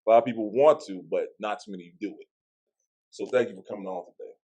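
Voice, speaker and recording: A man with a somewhat low voice hosts a casual podcast interview. He talks loosely and easily, with slangy phrasing and frequent laughs. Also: fast, warm tone. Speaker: podcast host.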